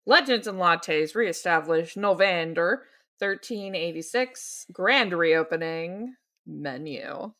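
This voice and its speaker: A woman's voice: lowish voice, expressive, takes it slowly, a bit bright. A woman co-hosting a book club podcast, chatting casually and reading aloud playfully, laughing easily. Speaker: podcast co-host.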